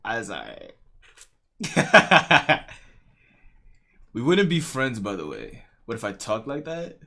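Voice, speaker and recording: Excitable jokey male streamer. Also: medium pitch, moderate pace. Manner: excitable, jokey, rambling and loud. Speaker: streamer reacting to a video. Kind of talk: casual reaction chat.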